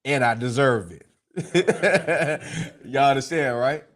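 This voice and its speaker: A man's voice: medium pitch, slow. A man teaching a scripture class in a streetwise manner, often asking if the listeners understand. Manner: animated, streetwise, swearing, asks "you understand?".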